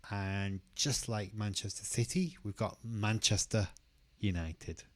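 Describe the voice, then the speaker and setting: A man teaching English pronunciation, slowly repeating each word clearly for learners in a careful lesson style. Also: on the low side, no echo.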